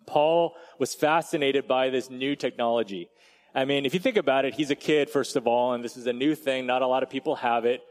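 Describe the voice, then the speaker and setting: A man's voice: medium pitch, steady tone, a little fast. A man delivering a sermon as a pastor, telling a story in a casual, chatty way with frequent asides to the congregation. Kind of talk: conversational sermon.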